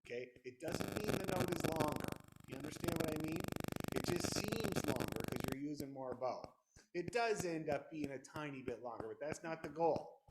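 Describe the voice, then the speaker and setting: A man leading a fiddle orchestra rehearsal, counting the players in loudly, singing rhythms aloud and joking as he teaches. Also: fairly high pitch, expressive, moderate pace, noisy background. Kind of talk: rehearsal instruction. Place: rehearsal room with fiddles playing. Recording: echoey room, loud fiddles behind.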